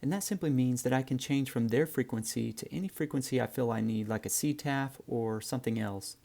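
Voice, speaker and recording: Brief: a male flight instructor with a warm, gravelly voice, explaining in an easygoing way. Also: mid-range voice, a little fast. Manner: relaxed, friendly explaining, addresses viewers as guys. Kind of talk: instructional narration.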